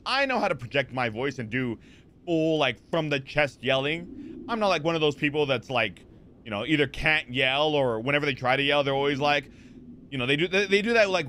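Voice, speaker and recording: A man streaming from his home setup talks straight into a desk mic, with a clear, bright, forward voice. He rambles through chat messages, answers viewers on the fly and keeps circling back with "like" and "you know". His pitch sits in the middle of the male range. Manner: rambling, animated, lots of fillers and repeats; reads chat messages aloud and answers them. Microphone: desk microphone.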